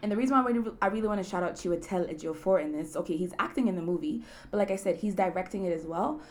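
A woman's voice: on the low side, very fast. A young woman from Kenya hosts her weekly podcast, talking loosely and playfully. She laughs a lot and fills her sentences with easy asides. A faint hiss sits under her voice. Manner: chatty, laughs often, lots of fillers like "you know". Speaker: podcast host. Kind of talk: casual solo podcast chat.

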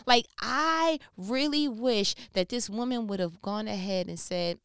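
Smooth-voiced woman preaching casually. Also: a little high, measured pace, few pauses, no room sound, studio quality. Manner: slangy, animated, acts out quoted voices. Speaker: faith speaker. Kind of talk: casual devotional talk.

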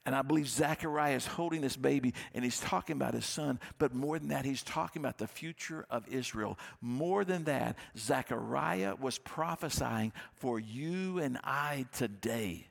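A man preaching a sermon, his voice gravelly with a husky edge. He speaks as a pastor in an earnest, conversational way and circles back on his own phrases. His pitch sits at an ordinary middle level for a man. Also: normal speed, hardly any pauses.

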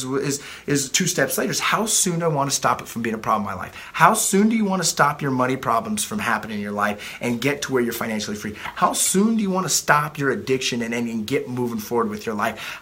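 A man's voice: medium pitch, fairly bright tone. A man in his thirties, a life coach giving a blunt motivational talk, swearing freely and often repeating himself.

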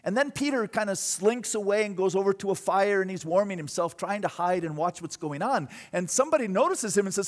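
A man preaching a sermon, telling a story with dramatic swings between loud bursts and hushed moments. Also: high-pitched, lively intonation, a little fast, few pauses. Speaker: pastor.

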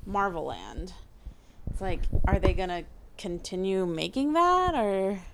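A woman chatting casually on a podcast, quick and wry. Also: medium pitch, big pitch swings, creaky, fairly bright tone. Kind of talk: casual chat.

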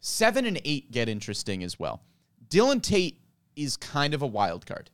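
Man with a smooth, clear voice. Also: mid-range voice, huge pitch swings, normal speed. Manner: jokey, then lays out a list analytically. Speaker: podcast co-host. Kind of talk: casual sports podcast chat. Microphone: handheld mic.

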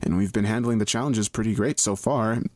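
A man's voice: on the low side, fairly even intonation, brisk, darkish tone, no echo, natural voice. Man doing a puzzled, easygoing young man. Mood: offhand.

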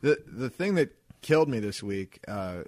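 A man's voice: fairly low pitch, sing-song, normal speed, noisy background. A man hosting a podcast, telling rambling, crude stories in casual chat and laughing along as he talks. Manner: rambling storyteller, profane and laughing. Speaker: podcast host.

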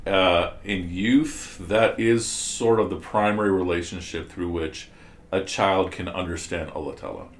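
Deep-voiced man teaching in an echoey room. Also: fairly even intonation, measured pace. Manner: explanatory, asks the class questions, many restarts. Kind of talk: classroom commentary on scripture. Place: classroom.

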